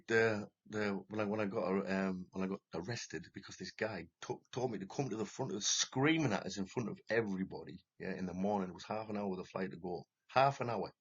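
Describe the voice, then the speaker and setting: A man's voice: lowish voice, husky. A man telling his own story in an unscripted monologue, rambling and agitated, with heavy swearing and many restarts. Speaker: former talent show contestant telling his story. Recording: lo-fi, dull recording.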